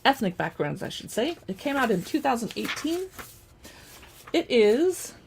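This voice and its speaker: A woman's voice: a little high, sing-song, measured pace, vocal fry, a little hiss or hum. A woman hosting a casual show-and-tell, chatting playfully while she handles books and toys. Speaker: host showing books and collectibles. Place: indoors at home in front of a backdrop.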